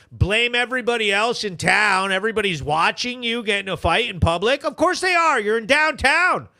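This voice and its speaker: A man hosting a news show, ranting in loud, blunt, casual commentary with swearing. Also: sits high, animated, moderate pace, vocal fry, few pauses.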